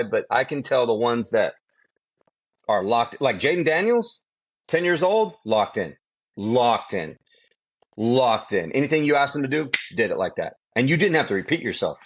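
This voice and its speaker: With a mid-range, slightly breathy voice and a normal pace, a middle-aged quarterback trainer shares stories in casual podcast talk. He's animated and emphatic, and he tends to repeat himself for effect.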